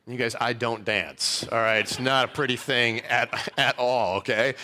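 A middle-aged man preaching a sermon, telling stories that build to loud, urgent peaks, then dropping to a quiet, low voice. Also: fairly even intonation, moderate pace. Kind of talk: sermon storytelling.

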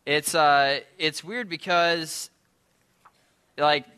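A young man gives a sermon in a church, chatting with the congregation and telling stories with lots of animation. His voice sits a little high and sounds bright and forceful. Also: fairly even intonation, drawn-out words, smooth. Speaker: guest preacher.

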